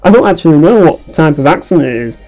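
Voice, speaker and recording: A man's voice: a little high, lively intonation, fast talker, dark tone, lo-fi sound, soft background music. A young man giving sarcastic, sweary commentary while playing a game. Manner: ranting, swears a lot, sarcastic. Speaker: let's play commentator. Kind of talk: casual gameplay commentary.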